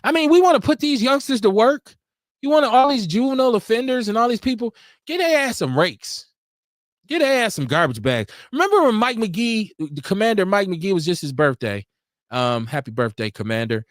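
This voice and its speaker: A man's voice: high voice, very animated, moderate pace, no room sound, studio quality. A man hosting a live online talk show, speaking bluntly and casually with lots of slang and animation. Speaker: host. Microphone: video call.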